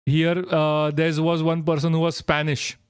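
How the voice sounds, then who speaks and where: A man's voice: fairly high pitch, monotone, unhurried, clear, resonant tone, no echo, studio quality. A young Indian man hosting a live stream, ranting bluntly and with lots of swearing as he answers viewer comments. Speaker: livestream host.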